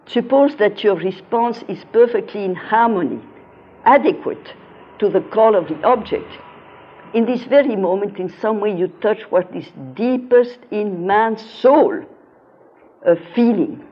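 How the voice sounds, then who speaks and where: A woman's voice: mid-range voice, a little slow, slightly rough. An older woman giving a philosophy lecture, telling stories from her teaching and stressing key words with earnest emphasis. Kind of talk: lecture with personal anecdotes. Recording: dull lo-fi recording.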